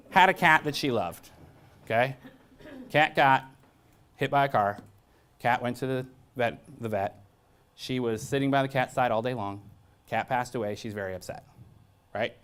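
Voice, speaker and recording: Man, workshop presenter, blunt and joking, animated pitch, storytelling, quizzes the audience. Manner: asks the audience frequent questions. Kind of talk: training talk to staff.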